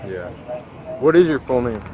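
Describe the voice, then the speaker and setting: A man's voice: medium pitch, very animated, moderate pace. A man working as a police officer, asking a complainant short, direct questions outdoors by a road. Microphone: body camera. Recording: noisy outdoor body cam audio.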